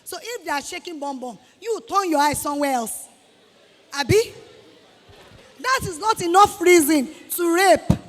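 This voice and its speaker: A woman with a Nigerian accent giving an animated motivational talk to students, scolding them and acting out quoted voices. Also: very high voice, unhurried, pauses often, big-room sound. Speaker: guest speaker to students. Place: hall with students.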